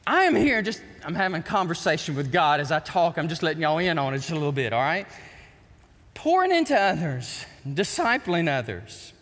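A middle-aged male pastor preaching an impassioned sermon, swinging from shouts to quiet storytelling. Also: on the high side, sing-song, a little fast. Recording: long hall reverb.

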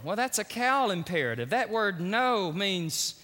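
A man preaches from the pulpit with a very high, bright, cutting voice that swoops up and down as he drives each point home. He mixes exclamations with playful asides. His voice rings out into a long reverb in a large church hall. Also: very animated, a little slow, some chatter behind. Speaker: pastor. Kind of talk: sermon.

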